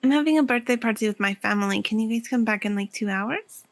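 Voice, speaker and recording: A woman's voice: on the high side, fast. A woman player speaking in character in a tabletop game, earnest and thinking aloud as she pleads her case. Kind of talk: in-character tabletop role-play.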